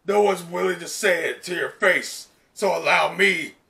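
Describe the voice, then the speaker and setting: Brief: mocking young male fire villain, higher and louder than his own voice, bright, read by a man. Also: moderate pace, gravelly, full character voice. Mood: taunting. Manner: sneering, mocking.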